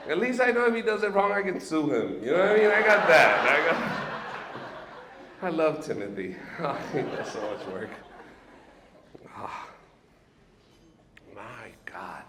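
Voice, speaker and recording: A man from Mexico doing a stand-up comedy set on a stage, telling animated stories and acting out the characters in them. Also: high voice, measured pace, long pauses, background noise. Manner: animated storytelling, acts out characters, laughs between bits. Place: stage at a live venue. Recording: roomy live venue sound.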